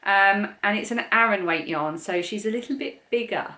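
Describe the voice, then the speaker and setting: A woman's voice: mid-range voice, normal speed, sharp tone. A woman in her forties with an English accent, chatting casually on her craft podcast and gushing over the toys she makes. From England. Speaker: podcast host. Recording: echoey room.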